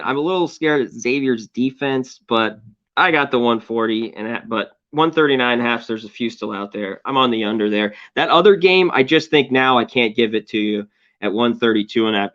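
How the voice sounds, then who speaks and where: A man hosting a sports betting show, chatting loosely and joking, with a voice going hoarse. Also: medium pitch, steady tone, fairly quick, dull audio. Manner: loose, joking, lots of shout-outs. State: losing his voice. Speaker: sports betting podcast host. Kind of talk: casual sports betting chat.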